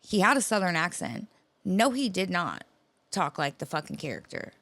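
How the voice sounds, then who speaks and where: A woman's voice: lowish voice, very animated, normal speed, a bit bright, no room sound. A woman co-hosting a podcast, telling a long story in a profane, rambling casual chat. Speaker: podcast co-host.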